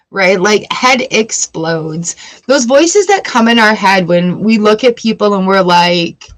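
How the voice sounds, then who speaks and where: A woman's voice: medium pitch, animated, unhurried, fairly bright tone. A woman giving a casual live-stream tarot reading, chatty and blunt and swearing freely. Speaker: tarot reader.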